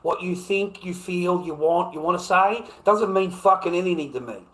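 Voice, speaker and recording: A man's voice: high voice, normal speed, a bit bright, poor audio. An Australian man hosting a livestream, talking in a brash, profane and confrontational way as he reacts to chat comments at home. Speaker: livestream host.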